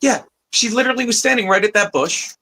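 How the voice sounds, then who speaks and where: This livestream talk show co-host speaks high-pitched and fast, his voice pushed and bright. He's indoors walking around a house on a phone call, spinning a rambling story for a casual chat.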